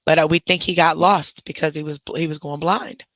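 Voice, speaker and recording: A man chats casually on his own livestream from his bedroom, telling stories with lots of feeling and breaking off to scold his dogs. His voice is bright and forceful and sits a little high. The sound is dry and close, with almost no room echo. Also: fairly quick. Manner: animated storytelling, scolds his dogs mid-stream. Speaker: livestream host. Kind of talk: casual live chat. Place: home bedroom.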